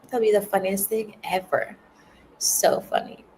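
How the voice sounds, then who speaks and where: A woman's voice: medium pitch, steady tone, measured pace, warm tone, a little hiss or hum, poor audio. A woman chatting casually and rambling on a livestream, laughing often as she tells stories. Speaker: spiritual content creator.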